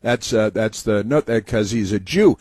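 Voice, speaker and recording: A man's voice: on the low side, normal speed, a little mellow, no room sound. Sarcastic man hosting a commentary show. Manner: sarcastic, mocking. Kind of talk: political commentary monologue.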